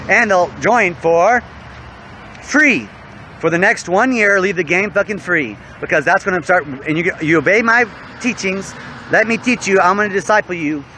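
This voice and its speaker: A young man rambles outdoors in a preachy, profane monologue, his voice high and bright. He talks straight at the camera. The faint hum of traffic runs behind him. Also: low-quality recording. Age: young adult. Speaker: online game player.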